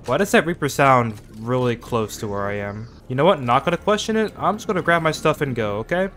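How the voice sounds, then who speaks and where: A man giving joking, self-mocking commentary over his own gameplay, quick to get startled. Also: mid-range voice, animated, noisy background. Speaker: gaming video creator.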